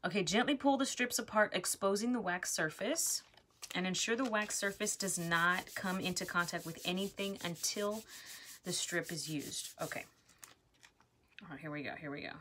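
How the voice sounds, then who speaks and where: A woman's voice: on the low side, moderate pace, a bit bright, a little hiss or hum. A woman vlogging at home, nervously exclaiming and giggling as she reads product instructions aloud. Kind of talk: casual vlog, reading product instructions aloud.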